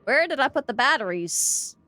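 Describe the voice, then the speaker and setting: A young Australian woman streaming a horror game, chatting excitedly with her viewers. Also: high-pitched, moderate pace, soft background music. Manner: chatty, excitable, greets chat. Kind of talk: casual gameplay stream chat.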